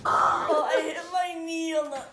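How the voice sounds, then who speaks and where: A woman's voice: fairly high pitch, unhurried, crowd noise. A woman as a contestant in a mock cooking show, rambling with many fillers. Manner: rambling, hesitant, lots of fillers. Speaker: contestant playing a character. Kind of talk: improvised mock reality show confessional. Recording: echoey room from far off, noisy.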